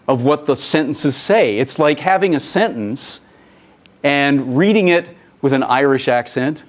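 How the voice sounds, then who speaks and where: A man giving a conference presentation in an animated, storytelling manner, often slipping into the voices of the people he quotes. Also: medium pitch. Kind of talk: lecture presentation.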